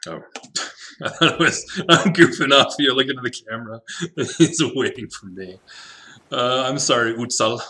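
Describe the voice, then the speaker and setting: A man giving casual commentary on his own card game, thinking out loud, laughing often and swearing now and then. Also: mid-range voice, moderate pace. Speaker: Magic Arena drafter, channel host.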